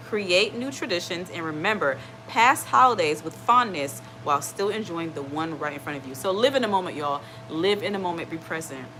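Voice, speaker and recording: A woman's voice: fairly low pitch, animated, brisk, few pauses, bright, forceful tone, faint music behind, rough recording. A woman hosting a live stream in casual chat. She rambles, reads out viewer comments and reassures people, often checking in with "okay?". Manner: reassuring, keeps asking "okay?".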